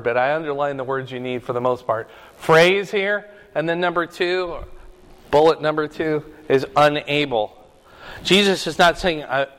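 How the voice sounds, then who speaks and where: A man's voice: medium pitch, a bit bright. Man preaching in a reverberant hall. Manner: teaching from notes, with asides. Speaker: pastor. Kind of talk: sermon.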